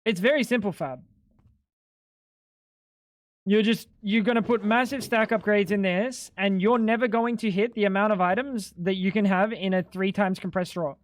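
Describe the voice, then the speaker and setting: A man's voice: high-pitched, moderate pace, no echo, clean studio sound. A man streaming a game in casual chat, explaining things bluntly and with some exasperation, swearing freely. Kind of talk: casual livestream chat while gaming.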